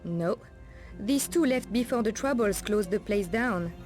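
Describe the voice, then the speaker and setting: A woman's voice: medium pitch, animated, a little slow, a little mellow, soft background music, close to an everyday voice. An actress playing a wary streetwise woman of the night streets, with a French accent and French endearments, guarded and cautioning.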